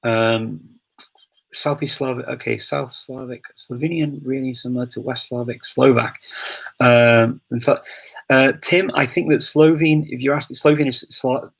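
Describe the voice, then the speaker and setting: A man from Liverpool with a Scouse accent hosts a live Q&A in a relaxed, rambling way. His voice has a gravelly, fry-edged texture at a mid pitch. He laughs easily and hesitates as he thinks. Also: rough recording. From Liverpool, England. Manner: chatty, laughs often, many ums and restarts. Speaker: host of a live Q&A. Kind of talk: casual live Q&A chat.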